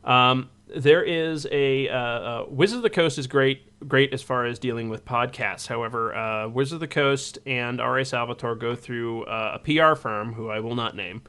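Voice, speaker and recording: Podcast host guy, smooth clear voice, rambly with lots of uhs. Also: mid-range voice, normal speed, few pauses, fairly bright tone. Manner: rambling, many fillers and restarts. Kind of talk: casual chat, reading listener emails.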